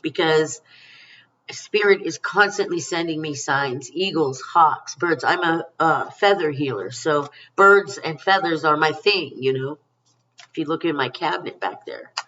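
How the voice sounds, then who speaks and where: A woman's voice: sits low, unhurried, a bit bright, far from the mic, muffled recording. Rambling middle-aged woman psychic, off-mic. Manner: rambling, emphatic and affectionate, calls listeners honey and you guys. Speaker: psychic card reader. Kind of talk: spiritual card reading to camera.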